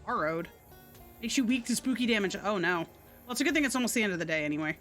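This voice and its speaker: Bright-voiced woman streaming a game. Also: mid-range voice, lively intonation, quick pace, soft background music. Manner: chatty, muttering and laughing to herself. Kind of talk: casual game-streaming commentary.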